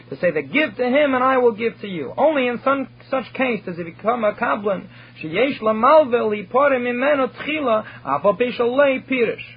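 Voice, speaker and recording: A Torah teacher with a high, husky voice gives a recorded study lecture, explaining and translating Hebrew terms phrase by phrase. The recording is dull and lo-fi.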